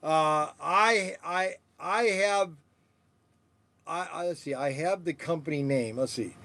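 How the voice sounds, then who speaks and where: A man hosting a toy shop stream, rambling in casual chat with halting restarts and chuckles. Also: a little high, vocal fry, sharp tone.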